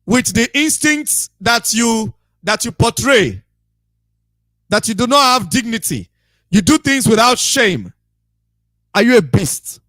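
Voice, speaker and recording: High, bright-voiced preaching man. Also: very animated, takes it slowly, pauses often, no room sound, clean studio sound. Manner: repetitive, emphatic, scolding. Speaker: radio broadcaster. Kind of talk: preaching monologue.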